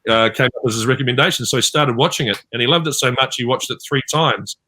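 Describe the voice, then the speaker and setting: Speaking quickly in a mid-range voice that sounds pushed and bright, a New Zealander chats as a guest on an online fan panel via video call. His stories come alive as he acts out the quoted words of people he's met.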